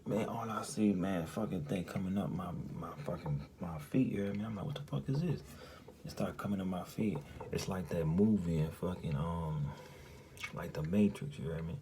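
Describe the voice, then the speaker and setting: A man with a low, deep voice tells a story in loose, profanity-laced casual talk, looping back with "you hear me?" every few lines. He keeps slipping into a breathy half-whisper, over a faint hum of room noise. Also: moderate pace. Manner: drops often into a hushed, breathy half-whisper. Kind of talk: casual spoken recounting of a dream.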